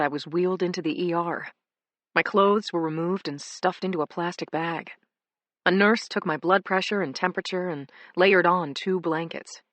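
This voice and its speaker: Brief: woman audiobook narrator, lowish voice, close and dry recording, measured dramatic delivery. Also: a bit bright, no room sound. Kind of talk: first-person crime thriller narration.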